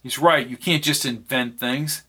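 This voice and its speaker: A man's voice: medium pitch, fairly even intonation, unhurried, bright, forceful tone, husky. A man voicing a frightened young man held captive beside his father in an audiobook reading. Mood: scared. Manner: scared, pleading.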